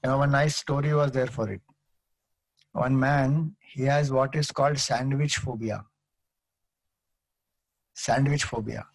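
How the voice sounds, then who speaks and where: A man's voice: medium pitch, steady tone, a little slow, long pauses, dry recording, low-quality recording. A man with an Indian accent giving a spiritual lecture, explaining patiently and telling stories with acted-out quotes. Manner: mixes in Hindi phrases. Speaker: Vedanta teacher.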